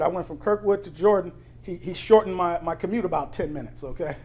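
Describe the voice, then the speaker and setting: A pastor with a high-pitched voice delivers a conversational sermon in a church, tossing questions at the congregation and breaking into laughter as he tells stories on himself. He moves between quiet, low asides and loud, excited bursts. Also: fast talker. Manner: conversational preaching with call-and-response questions and laughing anecdotes. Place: church sanctuary.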